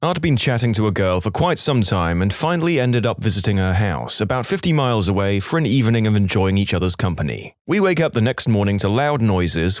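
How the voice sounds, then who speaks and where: A man narrating listener stories in a lively voice that rises and falls a lot. He is recorded close to the mic, with a dry sound and no room echo. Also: fairly low pitch. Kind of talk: scripted narration.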